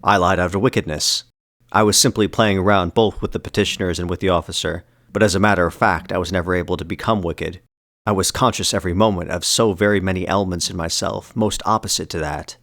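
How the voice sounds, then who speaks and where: Man, very low voice, dry close sound, dramatic audiobook narration, measured and ironic. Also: fairly even intonation, fairly bright tone, dry recording. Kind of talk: dramatic first-person audiobook reading.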